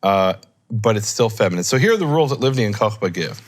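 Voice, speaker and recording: A man with a fairly low voice walks through grammar rules in an unscripted teaching chat. He thinks aloud, pauses on fillers and corrects himself mid-sentence. His delivery is explanatory and patient. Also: lively intonation. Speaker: Hebrew scholar teaching. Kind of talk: informal teaching discussion.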